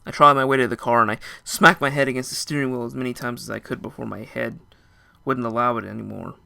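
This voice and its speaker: A man's voice: mid-range voice, fairly even intonation, quick pace, vocal fry, pushed and bright. A young man narrating a first-person story in a casual, dramatic way. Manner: casual, dramatic, with short laughs.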